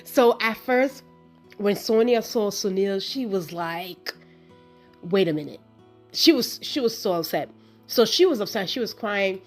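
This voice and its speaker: A woman talks through a film in a loose, chatty review. She is animated and exasperated, piling on asides and laughter. Her voice sits at a mid pitch, with faint music underneath. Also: unhurried. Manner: exasperated storytelling, acting out her own reactions. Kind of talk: casual spoken film review.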